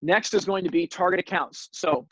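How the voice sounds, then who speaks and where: A man's voice: sits high, normal speed, a bit bright, slightly rough, poor audio. A man hosting a sales training webinar, coaching his audience with energy and often repeating words as he starts a sentence. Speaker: webinar host.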